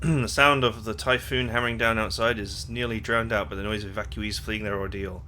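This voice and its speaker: A man's voice: on the low side, fairly even intonation, fairly quick, bright, forceful tone, slight background noise. A man hosting a let's play, reading game text aloud dramatically and chatting casually about the game with lots of "like". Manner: casual asides full of "like", dramatic read-aloud of game prose.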